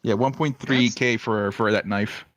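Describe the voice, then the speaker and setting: A man's voice: fairly low pitch, fairly even intonation, normal speed, no echo. A man hosting casual podcast banter, rambling with lots of "like" and swearing freely.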